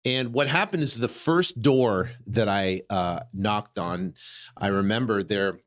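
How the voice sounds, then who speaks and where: A man in his fifties, a real estate investor and podcast host, telling a first-person story in a casual, animated way, full of fillers and restarts. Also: fairly low pitch, unhurried. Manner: animated, many fillers and restarts, acts out his own reactions.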